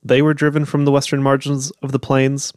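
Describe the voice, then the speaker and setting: A man's voice: medium pitch, no room sound. Man reading a history book, dry sound. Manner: steady when reading, halting asides full of "uh"s. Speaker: podcast host reading a history book aloud. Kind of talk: reading aloud with unscripted commentary.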